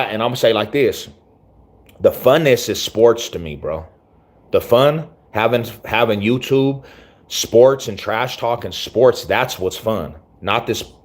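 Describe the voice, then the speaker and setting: A man hosting his own channel, talking casually to camera in slangy, rambling speech with many restarts. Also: sits low. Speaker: YouTube channel host.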